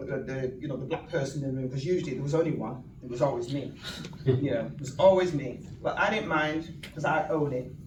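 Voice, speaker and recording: A woman, giving an animated, humorous storytelling speech to an audience. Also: a bass voice. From northern England. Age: 60s. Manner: animated, humorous, acts out quoted voices. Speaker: guest speaker. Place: event venue room. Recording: echoey room, distant mic, audience noise.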